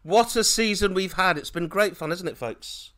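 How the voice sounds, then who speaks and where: A man hosting a podcast, energetic and theatrical, laughing often as he chats with guests. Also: high-pitched, moderate pace. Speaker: podcast host. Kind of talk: lively podcast banter.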